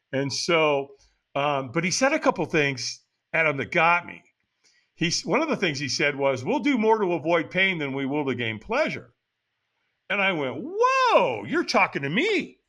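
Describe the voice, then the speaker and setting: An older man from the United States, a podcast guest, telling a personal story in conversation and acting out the dialogue as he goes. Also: a little high. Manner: animated, acts out quoted dialogue in the story.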